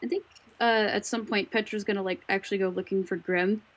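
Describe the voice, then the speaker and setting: A woman playing a tabletop role-playing game, describing her character in a soft, hesitant way with many fillers. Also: medium pitch, steady tone, quick pace. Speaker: player. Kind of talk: tabletop role-play chat.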